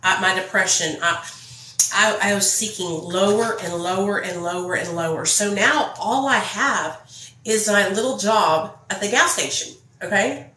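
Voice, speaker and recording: A woman's voice: mid-range voice, measured pace, pushed and bright, echoey room, a little hiss or hum, rough recording. Blunt woman telling her story. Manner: blunt and profane, addresses viewers directly. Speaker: vlogger. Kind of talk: storytime vlog, casual confessional.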